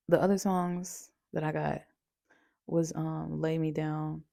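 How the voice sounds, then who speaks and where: Gravelly-voiced woman giving a casual astrology reading. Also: low voice, flat delivery, takes it slowly, mellow, dry recording, clean studio sound. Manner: rambling, slangy, talks straight to the listener. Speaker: astrology tarot reader.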